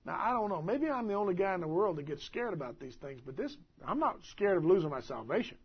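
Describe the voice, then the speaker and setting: A man preaching a sermon as pastor, emphatic and swinging between loud and soft delivery. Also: high-pitched, sing-song, quick pace, husky, lo-fi sound.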